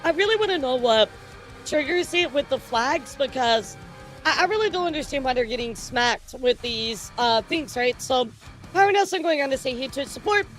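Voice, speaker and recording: A woman with a bright, high voice hosts a casual livestream news segment. She talks loosely to her chat, teasing and laughing often. Soft music plays faintly underneath. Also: animated, normal speed. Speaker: streamer and news host.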